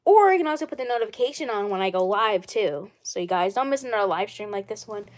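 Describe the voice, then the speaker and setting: A woman's voice: mid-range voice, animated, fast talker. A woman hosting her own live stream in a casual chat, rambling and repeating herself often. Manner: rambling and repetitive. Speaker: channel host.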